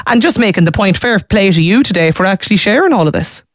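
A woman's voice: mid-range voice, expressive, fast talker, dry recording, studio quality. A woman with a Donegal accent, presenting a radio talk show in a frank, conversational way. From Donegal, Ireland.

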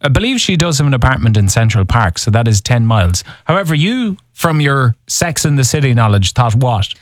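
A man hosting an evening radio show, teasing and joking in a lively way. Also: mid-range voice, a little fast, dry recording, studio quality. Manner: teasing, jokey, lively delivery. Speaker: radio host. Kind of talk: playful radio banter. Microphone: studio mic.

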